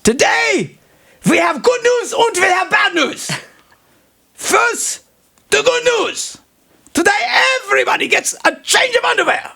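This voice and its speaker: A man's voice: very high voice, animated, unhurried, creaky, pushed and bright, pitched above the performer's own voice, exaggerated voice. A man doing a barking German prison commandant.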